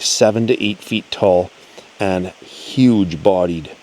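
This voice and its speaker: A man hosting his channel, reading a listener's encounter story aloud in an earnest, storytelling way with pauses. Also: lowish voice, a little mellow, rough recording. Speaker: channel host.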